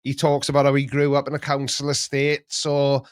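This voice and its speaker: A man's voice: mid-range voice, monotone, normal speed, clear, resonant tone, no room sound, studio quality. A man hosting a casual live stream, chatting in a rambling, jokey way with many restarts. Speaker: host.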